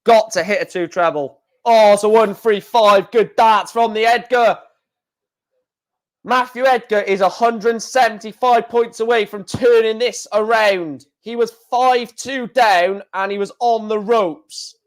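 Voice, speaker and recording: An excitable man commentating live on a stream, shouting and repeating himself at big moments. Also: high-pitched, measured pace.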